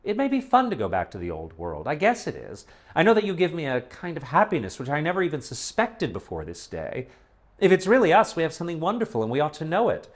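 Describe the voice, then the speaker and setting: A man's voice: on the high side, wildly swooping pitch, fast, pitched above the performer's own voice. A man voicing an anxious, tender young woman who speaks in earnest, pleading questions.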